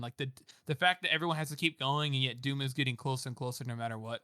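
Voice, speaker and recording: A man's voice: medium pitch, steady tone, quick pace, bright, forceful tone, smooth, no echo, clean studio sound. A man co-hosting a podcast, talking in a loose, rambling way full of "like" and "you know" and frequent laughter. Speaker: podcast co-host. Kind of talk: casual book discussion chat.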